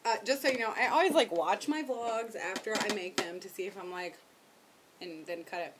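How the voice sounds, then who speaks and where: A young woman chatting casually to her camera at home, rambling and self-mocking, talking loudly with headphones on. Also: mid-range voice, moderate pace, a little hiss or hum. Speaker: vlogger. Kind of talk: casual chat. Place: home, indoors.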